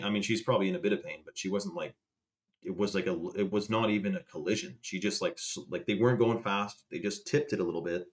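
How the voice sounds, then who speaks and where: A young man casually telling a rambling story to a live chat, swearing and restarting as he goes. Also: low-pitched. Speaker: livestream host.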